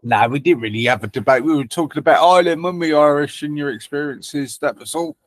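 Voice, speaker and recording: A man's voice: a little high, fast talker, dry recording. A man hosting a livestream, chatting casually and teasing viewers with banter and swearing. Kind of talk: casual chat.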